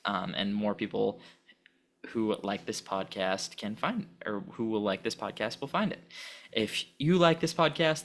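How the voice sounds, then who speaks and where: A man with a gravelly, creaky voice co-hosts a laid-back podcast. He rambles eagerly, trips over his words and keeps breaking into giggles. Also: fairly low pitch, a bit bright. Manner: enthusiastic, giggly, rambling with restarts. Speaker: podcast co-host. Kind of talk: casual chat.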